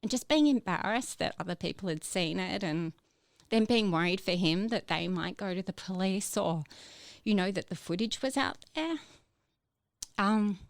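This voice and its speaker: A woman telling her own story in a podcast interview, halting, with many fillers and restarts. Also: medium pitch, lively intonation, vocal fry, no room sound, studio quality. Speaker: interview guest.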